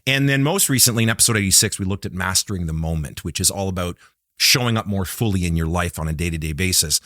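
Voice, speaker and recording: Low-voiced male podcast host. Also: quick pace, fairly bright tone, no room sound, studio quality. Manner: thoughtful, many "uh" fillers. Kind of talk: casual podcast chat.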